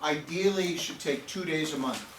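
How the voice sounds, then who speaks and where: Fairly high and bright in tone, a man delivers a live nutrition training to a small group at a moderate pace, emphatic and prone to repeating words and asking "okay?". The recording is echoey and faintly noisy, from a distant mic in a room with an audience.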